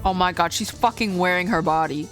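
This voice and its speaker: A woman streamer playing a visual novel, reading it aloud and reacting with expressive, swearing outbursts. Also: on the low side, fairly quick, soft background music.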